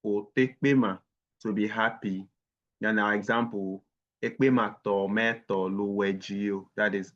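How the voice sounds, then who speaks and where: A man teaching an online language lesson on a video call, patiently repeating words slowly for his learners. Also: fairly low pitch, fairly bright tone. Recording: dull lo-fi call audio.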